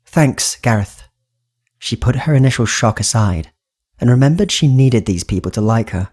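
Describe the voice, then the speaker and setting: A man reading a horror audiobook as narrator, in steady, even storytelling. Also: mid-range voice, brisk, breathy edge. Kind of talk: scripted narration.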